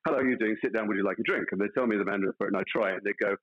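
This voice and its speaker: A man's voice: lowish voice, rapid-fire, highs cut off. A man, an actor guest in a casual interview, telling stories playfully with mock outrage.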